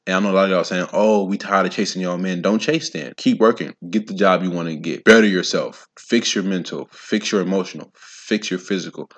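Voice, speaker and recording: A man's voice: low-pitched, fairly quick, hardly any pauses. A man hosting a solo podcast, talking straight to his listeners in a casual, slangy, preachy way and punching his points with sound effects. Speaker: podcast host. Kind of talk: solo motivational podcast monologue.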